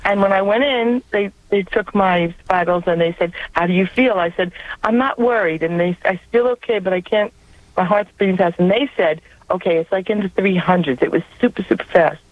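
A woman's voice: medium pitch, a little fast, no room sound. A woman with a New York accent calling in to a radio show, telling an earnest personal story. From Long Island, New York. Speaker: caller. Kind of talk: personal testimony on a call-in show. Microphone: telephone. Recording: tinny phone line.

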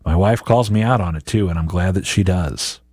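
A man's voice: sits low, normal speed, darkish tone, slightly rough, no echo, clean studio sound. A man hosting a daily gospel reflection, talking earnestly and directly to his listeners and often repeating words as he goes.

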